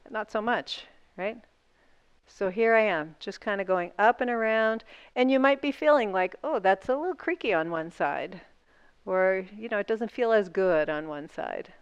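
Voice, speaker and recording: A woman's voice: medium pitch, smooth, dry recording, dull audio. A woman instructor guiding a seated yoga class, talking through each movement step by step in an encouraging way.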